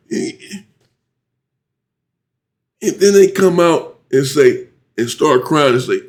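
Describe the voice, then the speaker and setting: A man hosting his own commentary channel, ranting indignantly and jumping to high exclamations. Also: animated, slow, long pauses, darkish tone.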